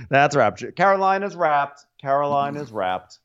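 Joking podcast guy, lively up and down delivery, kinda muffled audio. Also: a little high, slow. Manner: wry, joking, loose. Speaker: podcast co-host. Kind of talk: casual chat recapping a reality show.

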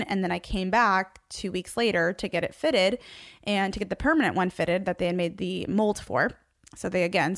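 A young woman recounts a mishap in a chatty, animated way, laughing now and then between phrases. Her voice sits at an ordinary middle pitch. The sound is dry and close, with no room around it. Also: no echo. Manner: chatty, animated, laughs often while telling. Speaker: social media creator. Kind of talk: casual storytelling to camera.

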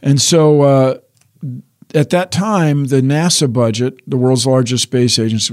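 A man's voice: medium pitch, a little slow, darkish tone. An older man explaining science in a casual chat, wry and explanatory, often restarting sentences. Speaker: science guest.

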